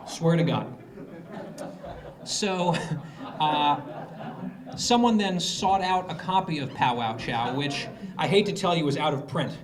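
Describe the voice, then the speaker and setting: Guy doing a sarcastic political speech, slightly high voice, acts out quotes, a little background noise. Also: a little slow, pauses often. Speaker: political commentator giving a speech. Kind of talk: comic political speech to a live audience. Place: conference hall.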